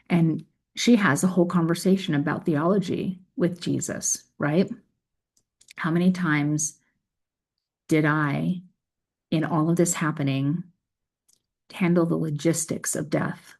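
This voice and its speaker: A woman with a deep, mellow voice reads a scripture passage and then talks it through in an earnest, reflective way. Her delivery stays conversational, with a gravelly edge of vocal fry running through it. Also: fairly even intonation, slow, long pauses. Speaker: faith video creator. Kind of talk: scripture reading and reflective talk.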